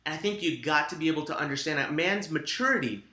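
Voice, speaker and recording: Blunt guy podcast host, bright forceful voice, slightly high, echoey room. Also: lively intonation, fast talker. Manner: frank, crude, emphatic dating advice. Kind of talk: casual chat.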